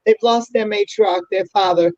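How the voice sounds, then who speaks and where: A woman's voice: mid-range voice, moderate pace, no echo. Older woman with a New York accent; chatty storyteller, dry, dull remote audio. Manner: chatty storyteller, lively asides. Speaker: guest. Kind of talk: casual interview chat.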